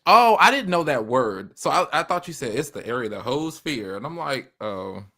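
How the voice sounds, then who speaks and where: A man's voice: on the high side, sing-song, moderate pace, bright, forceful tone. A man on a casual TV review podcast who talks in a chatty, self-deprecating way, full of fillers. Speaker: podcast guest.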